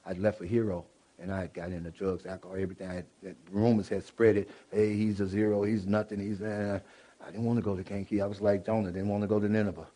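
A middle-aged man from Illinois telling his personal testimony to an audience, animated, swinging from loud bursts to low, quiet asides, with many restarts. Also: rapid-fire. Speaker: speaker giving a personal testimony. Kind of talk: spoken testimony to a live audience.

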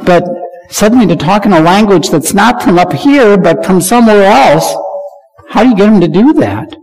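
Animated, restarting preacher in a reverberant hall. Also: male voice, sits high, moderate pace, faint music behind. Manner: animated, repeats words and restarts often. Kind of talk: sermon.

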